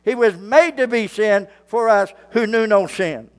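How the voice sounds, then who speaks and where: Slow high-voiced preaching pastor. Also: male voice. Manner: slow, drawn-out preaching that builds to shouts. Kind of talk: sermon.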